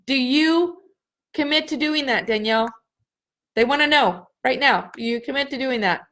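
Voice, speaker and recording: A middle-aged woman hosting a live spiritual healing session, speaking slowly and earnestly and repeating phrases for emphasis. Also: sits high, a bit bright. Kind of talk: live energy-healing reading for viewers.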